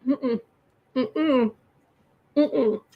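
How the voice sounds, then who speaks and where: A woman hosts a tarot livestream in an unhurried, stop-and-start way, her voice sitting a little high. She is sarcastic and laughs often as she talks. Cards shuffle faintly behind her. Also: lo-fi sound. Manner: sarcastic, laughs often, speaks haltingly with restarts. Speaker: political tarot livestream host. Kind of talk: casual livestream chat with tarot reading.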